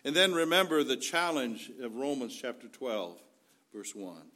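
A man's voice: mid-range voice, very animated, a little slow, bright, forceful tone. A man preaching a sermon in an earnest, folksy way, weaving in scripture.

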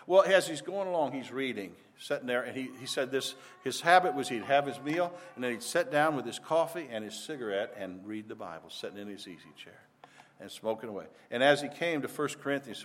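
A man's voice: medium pitch, expressive, fairly quick. An older man, a pastor, preaching a sermon in an earnest, conversational way, often restarting his words.

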